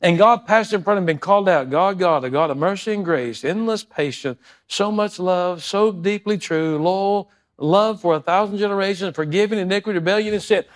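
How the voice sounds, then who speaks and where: Speaking fairly quickly in a high register, this male pastor's sermon ranges from soft, prayerful moments to loud, fervent stretches, with stories performed in different character voices.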